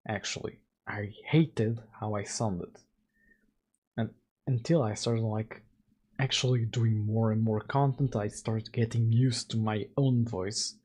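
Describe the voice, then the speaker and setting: A man's voice: on the low side, a little mellow. A middle-aged man hosting a casual livestream, laid-back and laughing often. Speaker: streamer and game developer.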